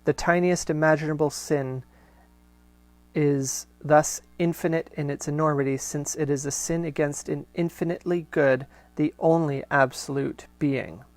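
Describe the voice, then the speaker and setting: A man hosting a live show, reading archival letters aloud in a measured way with casual asides. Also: fairly high pitch, fairly even intonation, no room sound.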